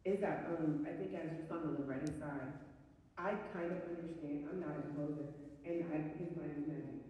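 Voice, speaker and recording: A man's voice: fairly high pitch, steady tone, brisk, mellow. A man librettist explaining how he writes lyrics, eager, checking in with "right?". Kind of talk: live panel talk. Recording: distant mic in a very echoey hall.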